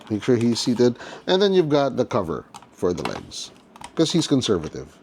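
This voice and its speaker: A man in a chatty, joking mood walks through a collectible figure in a relaxed unboxing commentary. His voice sits at an ordinary mid pitch and his delivery stays loose and playful, as if talking to fellow collectors. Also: noisy background. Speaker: toy collector host.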